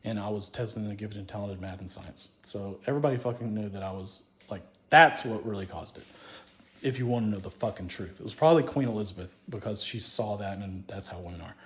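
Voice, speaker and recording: A man telling a long personal story in a rambling, profane way, restarting and repeating himself, dropping to mutters and rising to loud outbursts. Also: on the low side, quick pace. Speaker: show host.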